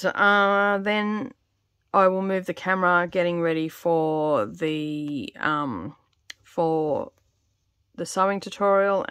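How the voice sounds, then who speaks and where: A middle-aged Australian woman in her home craft studio, chatting casually while she stitches, her voice a little croaky. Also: sits low, a bit bright, no room sound. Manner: rambling, filler-heavy, chatty. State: slightly croaky voice. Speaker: cross-stitch vlogger. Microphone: camera on tripod.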